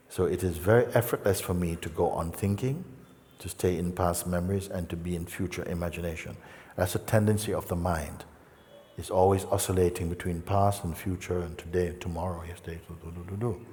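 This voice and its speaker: A man giving a gentle, conversational spiritual talk in a large hall, acting out the people he quotes. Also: deep voice, steady tone, fairly quick, slight background noise. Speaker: spiritual teacher. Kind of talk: satsang talk. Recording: reverberant hall.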